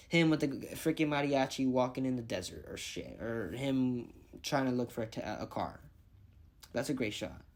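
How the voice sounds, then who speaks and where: A man giving a casual movie review vlog, rambling and thinking aloud, swearing freely as he picks his favorites. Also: mid-range voice.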